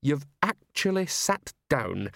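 A man's voice: a little high, big pitch swings, slow pace, vocal fry, a bit bright, no room sound, studio quality, pitched above the performer's own voice, exaggerated voice. Man doing a pompous, flustered old lord. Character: older male guild head, pompous, flustered.

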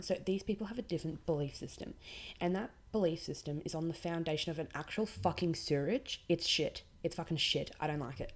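Aussie girl venting on her podcast, low mellow voice, super blunt and sweary. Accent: Australian. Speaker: podcast host. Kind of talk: casual ranting monologue.

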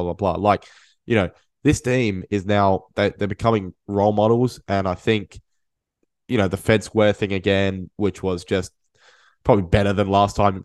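A man hosting a casual sports podcast, talking in an animated way and often repeating and restarting his words. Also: low voice, clean tone, no echo. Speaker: podcast host. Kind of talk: casual chat.

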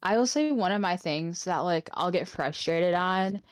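A woman from Wisconsin co-hosting a casual podcast, complaining in an exasperated, animated way. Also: fairly low pitch, normal speed. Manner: animated, exasperated, laughing between phrases. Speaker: podcast co-host. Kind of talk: casual chat.

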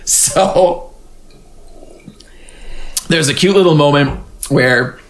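A man's voice: fairly high pitch, very slow. A man co-hosting a podcast, recapping a TV episode in playful casual chat and laughing often. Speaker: podcast co-host.

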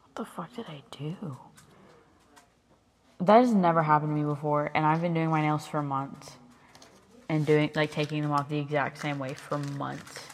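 A woman's voice: low-pitched, steady tone, normal speed, in a large hall. A woman in her twenties chatting casually into a close ASMR mic, rambling with lots of fillers and swearing, sometimes dropping to a whisper. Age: 20s. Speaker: ASMR creator.

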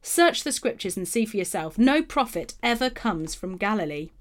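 A woman's voice: medium pitch, big pitch swings, normal speed, natural voice. Scornful middle-aged male religious leaders, read by a woman, fire off indignant, mocking questions. The voice sits in a middle register and stays near a narrator's tone. It belongs to a read-aloud Bible passage. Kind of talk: Bible reading.

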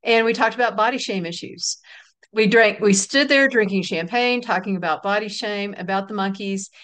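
A middle-aged woman, an author being interviewed, telling stories in a relaxed, laughing way. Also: mid-range voice, moderate pace. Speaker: author and guest. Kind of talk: casual interview chat.

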